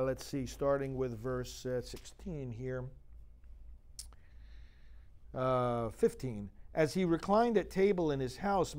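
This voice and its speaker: A man's voice: mid-range voice, darkish tone. A male priest giving a scripture reflection, reading Bible passages aloud and building to emphatic, urgent preaching. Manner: reads scripture aloud, then grows fervent and emphatic.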